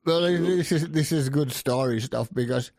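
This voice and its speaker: A man hosting a casual interview, enthusiastic and quick to praise his guest. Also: fairly high pitch, a little mellow, no room sound, clean studio sound.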